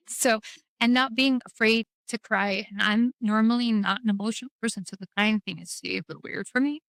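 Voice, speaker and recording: A woman's voice: on the high side, moderate pace, vocal fry, fairly bright tone, no echo, low-quality recording. A woman talking earnestly and reflectively about grief in a candid conversation, often restarting her sentences. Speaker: podcast guest.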